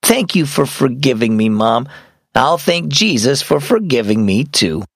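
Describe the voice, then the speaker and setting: Earnest kid girl, played by the male narrator in a storybook, lively up-and-down voice. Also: unhurried, creaky, dry recording, studio quality, exaggerated voice. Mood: exasperated. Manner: earnest, raised pitch. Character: young girl, earnest and a little exasperated. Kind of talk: storybook reading.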